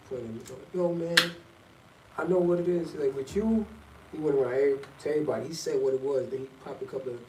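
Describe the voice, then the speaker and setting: A man's voice: mid-range voice, noisy background. A middle-aged man telling a loose, slangy story in a rambling casual monologue. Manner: loose and rambling, slangy, jumps between topics. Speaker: vlogger. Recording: echoey, from a distance off the mic, faint ambience.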